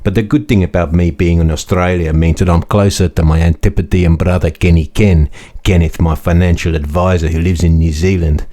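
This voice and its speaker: A man's voice: deep voice, warm tone. A man hosting a crypto comedy channel, delivering a crude, mocking parody monologue in a bombastic persona.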